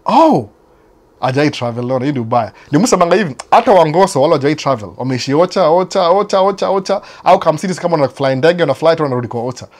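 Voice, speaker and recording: A Kenyan man with a Kenyan accent hosts a casual chat from the United States, answering viewers while mixing Swahili and English and often repeating his phrases. His voice is on the high side, rapid-fire with few pauses and lively intonation.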